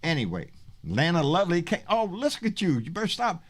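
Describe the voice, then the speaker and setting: A man's voice: high voice, wildly swooping pitch, fairly quick. A man in his sixties from Texas hosting a casual political livestream, blunt and profane, often calling people baby. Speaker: livestream talk show host.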